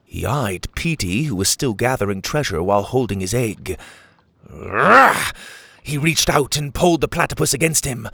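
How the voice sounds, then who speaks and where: A man narrating a children's adventure story in an animated way, voicing each character. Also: medium pitch, fairly quick, hardly any pauses, husky, no echo.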